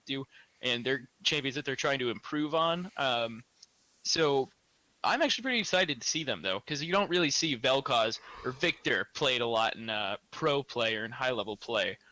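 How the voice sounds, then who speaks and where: A man casting a live esports match, chatty and opinionated and quick to laugh. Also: medium pitch, animated, pushed and bright, no room sound. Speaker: esports caster.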